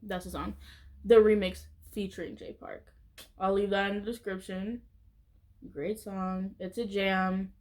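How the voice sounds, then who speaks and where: A woman YouTuber chatting casually to camera in a vlog, rambling from thought to thought with a steady stream of "like" fillers. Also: medium pitch, unhurried. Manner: rambling, heavy use of "like" fillers.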